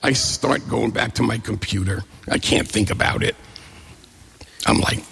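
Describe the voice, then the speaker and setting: Man, middle-aged, live storyteller, gravelly, husky, acts out other voices, hall reverb. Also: on the low side, measured pace, a little hiss or hum. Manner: lively storyteller who acts out the other people in his story.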